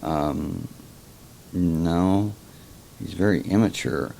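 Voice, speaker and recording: A man hosting a casual explanatory monologue, talking slowly and haltingly, often repeating words. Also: deep voice, vocal fry, a little mellow, a little hiss or hum. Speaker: host.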